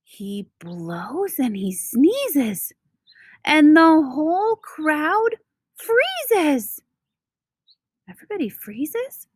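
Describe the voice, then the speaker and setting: A woman reading a picture book aloud to children, slow and expressive, pausing to explain words. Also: high voice, no room sound, studio quality.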